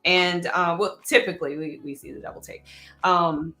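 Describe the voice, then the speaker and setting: A woman's voice: lowish voice, steady tone, normal speed, bright, forceful tone, faint music behind. A woman co-hosting a live podcast, talking easily and telling a story with lots of fillers. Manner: easygoing, laughs often, tells stories with many fillers. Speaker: podcast co-host. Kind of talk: casual conversation. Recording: echoey room.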